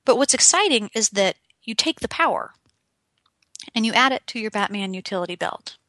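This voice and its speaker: A young woman giving an animated, emphatic motivational talk and speaking directly to the listener. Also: a little high, moderate pace, no room sound, clean studio sound.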